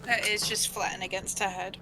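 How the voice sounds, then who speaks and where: A woman playing her character in a tabletop game, animated and playful, swearing casually. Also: mid-range voice, a little fast, noisy background. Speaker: player. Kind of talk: casual tabletop role-play.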